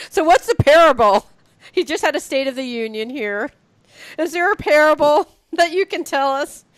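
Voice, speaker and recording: Chatty woman host, higher voice. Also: animated, moderate pace, dry recording. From United States. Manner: amused, chatty, laughs often. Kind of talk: casual interview chat.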